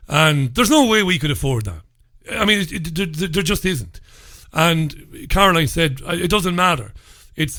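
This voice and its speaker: A man's voice: a little high, dry recording, clean studio sound. A man hosting a casual radio show, greeting listeners by name, getting over a head cold. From England. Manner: chatty, warm greetings to listeners, swears mildly. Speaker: radio host.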